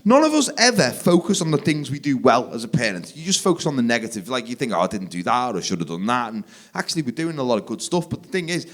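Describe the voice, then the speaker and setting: A man, doing live stand-up comedy on a theatre stage and leaping into loud shouted voices for his kids. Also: medium pitch, very animated, fast, few pauses. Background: audience laughter.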